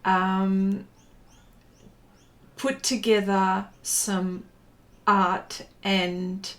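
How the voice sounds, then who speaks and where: Woman art streamer, slow, sentimental, chatty with viewers. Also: mid-range voice, flat delivery, fairly bright tone. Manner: slow, halting and emotional, trying not to cry, laughing. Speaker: live-stream art host. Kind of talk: chatty live stream while painting, reading viewer questions.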